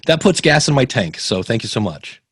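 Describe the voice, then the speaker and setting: A man from Ohio being interviewed as a guest, telling stories with animated, acted-out quotes and frequent restarts. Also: medium pitch, brisk, slightly rough, no room sound, clean studio sound. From Ohio, USA. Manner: animated, acts out quoted dialogue, many restarts. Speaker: podcast consultant guest. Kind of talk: casual interview storytelling.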